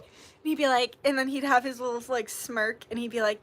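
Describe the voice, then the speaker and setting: A woman's voice: high voice, steady tone, brisk, pushed and bright. A young woman hosting a live tarot stream, chatting casually, reading out viewer comments, giggling and swearing freely.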